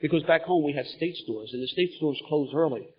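A middle-aged man speaks to a meeting room, his voice husky and slightly high. He tells his story in an animated way, his voice rising as the tale gets wilder. The recording sounds dull and lo-fi. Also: brisk. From Philadelphia, USA. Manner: animated storytelling, gets loud and laughing at funny parts. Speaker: recovering alcoholic sharing his story. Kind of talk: recovery meeting talk. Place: meeting room in front of an audience.

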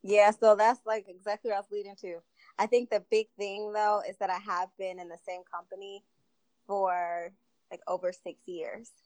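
A young woman chatting casually in a group conversation, laughing often and telling stories with animated energy. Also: mid-range voice, normal speed, no room sound.

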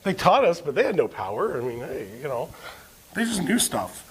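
A man's voice: on the high side, sing-song, normal speed, breathy edge, low-quality recording. A man preaching a sermon as pastor, asking the congregation questions and answering them, and reading scripture with rising emphasis. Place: church service.

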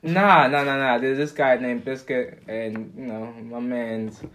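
A man's voice: mid-range voice, fairly even intonation, unhurried, a bit bright. A young man co-hosting a casual podcast, earnest and repeating himself as he searches for words. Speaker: podcast co-host. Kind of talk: casual chat.

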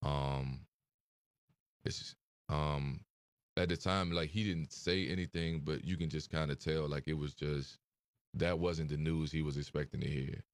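Young guy, super low voice, kinda monotone, lots of ums and likes, dry sound. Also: measured pace, no echo. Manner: soft-spoken, hesitant, many fillers. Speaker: interview guest. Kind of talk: emotional interview conversation.

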